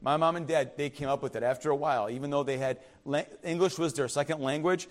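Speaking fast in a slightly high voice, a man preaches as pastor with emphatic repetition. Frequent "right?" asides punctuate shifts from loud declarations to quiet, confiding remarks.

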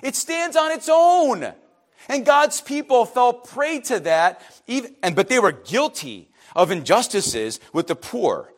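Male preacher, wide-ranging animated delivery, passionate sermon with chatty asides. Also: high voice. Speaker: pastor.

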